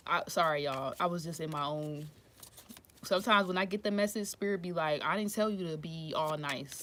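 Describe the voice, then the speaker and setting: A woman gives a casual live-stream tarot reading. She talks bluntly, swears freely and laughs often. Her voice sits slightly low. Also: fairly bright tone, a little hiss or hum. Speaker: tarot reader.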